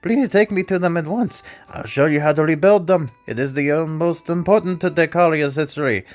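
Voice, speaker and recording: A man's voice: on the high side, moderate pace, faint music behind, voice pushed up, lightly acted. A man voicing a spry, jolly old male archaeologist with a Scottish accent, reading game dialogue aloud.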